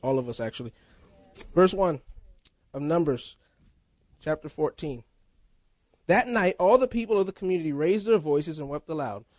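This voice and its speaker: A man preaching a sermon as pastor, in a lively, conversational style with casual banter. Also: fairly high pitch, moderate pace, long pauses, no room sound. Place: church.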